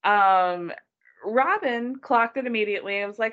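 A woman's voice: a little high, moderate pace, lo-fi sound. A woman co-hosting a casual chat, recapping a show and acting out quotes with lots of laughter. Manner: animated, quotes people in put-on voices, laughs often. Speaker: podcast co-host recapping a reality show.

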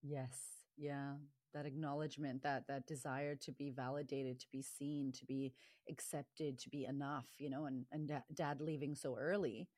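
Middle-aged woman guest, low pitch, dry close sound, candid and emphatic storytelling. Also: no echo. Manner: emphatic, quick bursts, animated when quoting herself. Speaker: guest, confidence coach.

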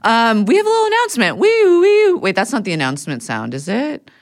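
A woman co-host bantering through a promo, bouncy and self-mocking. Her pitch swings widely up and down as she jokes. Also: wildly swooping pitch, quick pace. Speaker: podcast co-host. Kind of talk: playful ad read banter.

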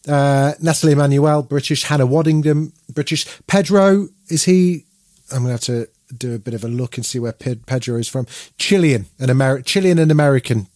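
A man's voice: mid-range voice, a little fast, darkish tone, no room sound. A man from the United Kingdom co-hosting a podcast, talking in a chatty, rambling way with many fillers and restarts. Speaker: podcast co-host. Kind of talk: casual podcast chat.

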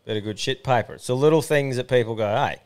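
A man's voice: mid-range voice, quick pace, a little mellow, smooth. A man co-hosting a crude, laughing casual chat, swearing a lot. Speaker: podcast co-host.

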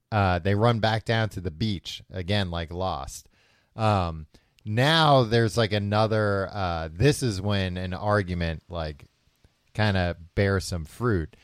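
A man's voice: lowish voice, clear, resonant tone, no room sound, clean studio sound. A man casually retelling a book's plot on a podcast, full of fillers and restarts, slipping into the characters' voices. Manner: rambling with many fillers, acting out characters' lines. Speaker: podcast host recapping a book. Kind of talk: casual chat.

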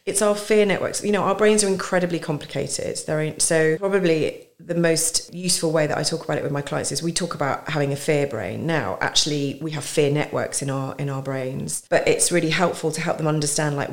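Middle-aged woman, low pitch, executive coach being interviewed; chatty, explanatory, quick to laugh. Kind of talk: conversational podcast interview.

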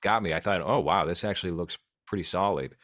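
A man's voice: low-pitched, fairly quick, fairly bright tone, no room sound. A man hosting a podcast, chatting casually about films with dry humor. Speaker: podcast host. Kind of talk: casual film chat.

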